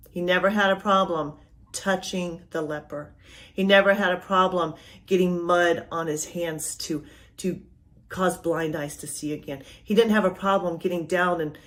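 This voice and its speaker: A middle-aged woman hosting a faith podcast as a life coach, delivering a motivational talk that swings from loud urging to a soft, near-whispered hush. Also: fairly low pitch.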